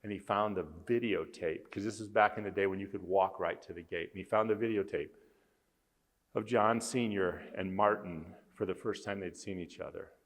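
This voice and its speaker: A man's voice: deep voice, normal speed, big-room sound. A man speaking as a conference speaker, earnestly telling a story with emphasis. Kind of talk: storytelling talk.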